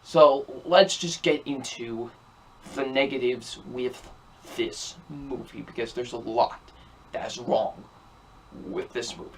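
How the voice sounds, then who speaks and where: A man's voice: medium pitch, steady tone, slow, breathy edge. A young man giving a ranting, repetitive movie review, sounding exasperated as he keeps circling back to the same complaints. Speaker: film reviewer.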